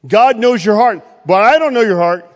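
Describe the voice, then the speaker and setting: High-voiced pastor in a reverberant hall. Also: male voice, normal speed. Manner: preaching with sudden loud rises and quiet drops. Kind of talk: sermon.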